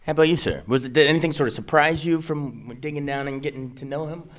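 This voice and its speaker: A man's voice: fairly high pitch, quick pace. A male interviewer asking upbeat questions with fillers.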